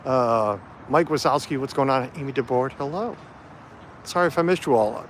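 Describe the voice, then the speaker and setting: Walking around an outdoor festival with his phone camera in hand, this male livestream vlogger chats casually and rambles, leaning on lots of fillers. He speaks in a mid-range voice at a moderate pace, and there's a little hiss or hum.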